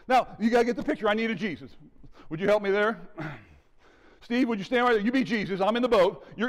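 Animated male preacher in a reverberant church. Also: sits high, brisk. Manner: animated preaching with audience call-outs. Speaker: pastor. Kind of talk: sermon. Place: church sanctuary. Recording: church hall with long reverb.

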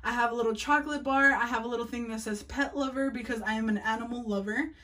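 Chatty young woman, quick and nervous. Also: on the high side, fairly even intonation, bright, forceful tone. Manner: fast, chatty, nervous, lots of fillers. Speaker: nail artist showing her workspace. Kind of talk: casual room-tour vlog.

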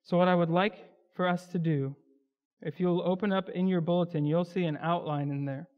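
High-voiced pastor preaching in a reverberant church. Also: male voice, fairly even intonation. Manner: expository preaching, slows down for emphasis on key words. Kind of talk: sermon. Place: church sanctuary. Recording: dull, lo-fi church recording with long hall reverb.

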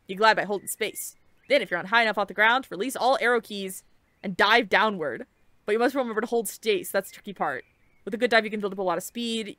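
Chill toucan guy giving dive tips in a game, a lady reading him in her own bright voice. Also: mid-range voice, dry recording, lightly acted. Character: laid-back male toucan dive coach. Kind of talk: reading game dialogue aloud.

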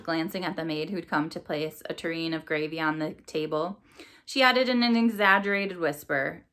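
A woman's voice: low voice, moderate pace, bright, forceful tone. A woman reading a novel aloud as a storybook reader, then chatting with listeners and asking their thoughts. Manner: friendly, chatty outro with questions to listeners.

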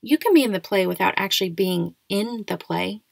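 A woman voicing a friendly, earnest ten-year-old schoolgirl in a storybook reading, eager and quick to scold rudeness. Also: mid-range voice, expressive, gravelly, no room sound. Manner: eager, scolding when upset.

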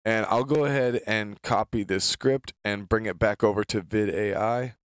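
A man hosting a software tutorial, walking through each step in an easygoing, explanatory way. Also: on the low side, moderate pace, smooth, no echo, clean studio sound. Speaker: tutorial host. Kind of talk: screen-recording walkthrough.

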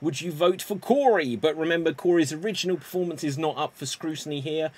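A man hosting an online improv show, briskly introducing the games and calling for votes. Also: on the high side, a little mellow, breathy edge. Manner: brisk, upbeat, running the games.

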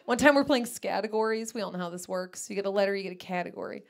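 A woman comedian telling a story in stand-up, animated and exasperated. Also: mid-range voice, rapid-fire, vocal fry.

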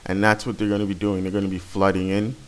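A man's voice: low-pitched, level tone, quick pace. A man talking over his gameplay footage in a casual, rambling, profane way. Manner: rambling and profane, with frequent restarts. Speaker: gameplay commentator.

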